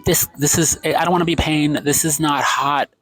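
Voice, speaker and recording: A demanding woman in her late thirties with a shrill, put-out whine, mimicked by a man. Her voice sits far above a man's usual register and sounds entitled and fussy. The sound is dry and close. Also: steady tone, brisk, a bit bright, no room sound. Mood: complaining.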